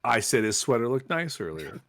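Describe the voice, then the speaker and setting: A man's voice: medium pitch, very animated, a little fast, creaky, fairly bright tone, no room sound. A man co-hosting a podcast, chatting casually in a bemused, questioning way. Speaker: podcast co-host.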